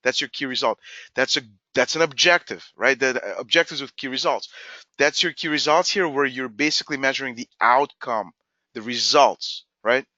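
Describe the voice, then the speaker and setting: A man presenting a business webinar as a company executive, in an energetic, emphatic manner. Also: medium pitch, moderate pace, no room sound, muffled recording. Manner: energetic, emphatic, acts out quoted dialogue.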